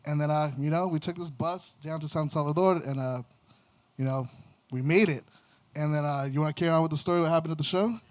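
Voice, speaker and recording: A band member casually telling a story on a livestream, laughing often, swearing, and quoting what people said. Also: male voice, on the high side, quick pace. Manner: laughing, profane, quotes others.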